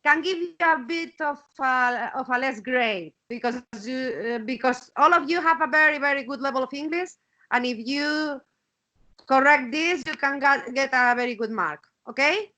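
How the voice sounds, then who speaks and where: A woman's voice: sits high, moderate pace, pushed and bright, poor audio. A woman with a Spanish accent teaching an English class over a video call, repeating words as she searches and checking in with "okay?".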